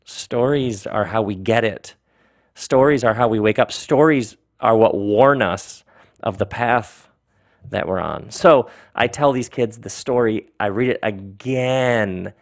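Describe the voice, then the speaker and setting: Brief: male podcast host, jokey and lively, reading a nonsense tale. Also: on the low side, a little slow. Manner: animated, joking, laughs often. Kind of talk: playful monologue and reading aloud.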